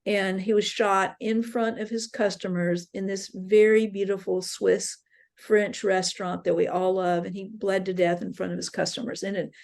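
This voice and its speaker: A woman's voice: medium pitch, creaky, darkish tone. A woman leading a dream workshop, telling personal dream stories in an earnest, reflective way. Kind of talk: spoken workshop talk. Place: interfaith center meeting room.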